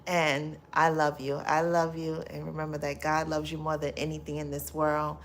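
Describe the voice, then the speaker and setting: A middle-aged woman hosts a casual livestream and reads comments to her viewers. Her voice sits a little low. She is effusive and bursts into loud laughter easily. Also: level tone, normal speed, a little hiss or hum. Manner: warm, effusive, laughs often and loudly. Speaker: livestream host.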